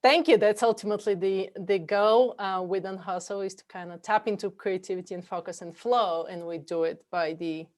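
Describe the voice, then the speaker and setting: A woman hosts an interview, her voice at a middle pitch. She speaks in a friendly way and often laughs softly between questions. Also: moderate pace, few pauses. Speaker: podcast host. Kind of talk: interview hosting.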